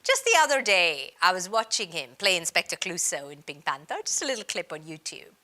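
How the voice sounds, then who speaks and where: A woman from India presents a business training session on storytelling. Her voice is bright and forceful, and her pitch moves up and down in a lively way. She stresses her points firmly, like a practiced workshop speaker. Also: fairly quick. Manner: lively, emphatic teaching delivery. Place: based in Australia.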